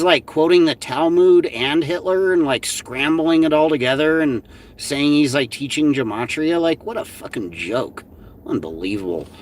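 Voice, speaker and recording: A man co-hosting a live stream in casual, profane commentary. His fairly high voice swings widely up and down as he reacts in exasperation, piling on curses and fillers. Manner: exasperated, swears constantly, many fillers. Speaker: livestream co-host.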